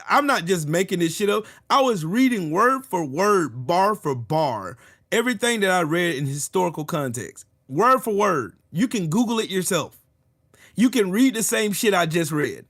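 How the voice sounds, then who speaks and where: A combative man ranting straight to his audience, cursing freely and mocking his critics. His voice sits a little high for a man and swings widely in pitch as he hammers each point. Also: a bit bright. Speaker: channel host. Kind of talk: ranting commentary.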